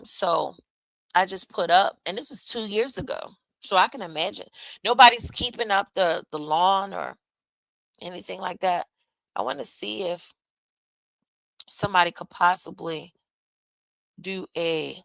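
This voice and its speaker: A woman's voice: on the low side, big pitch swings, a little slow, gravelly, long pauses, fairly bright tone, no room sound, poor audio. A woman hosting a live stream, chatting casually with viewers in a loose, profane way with laughing asides. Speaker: livestream host.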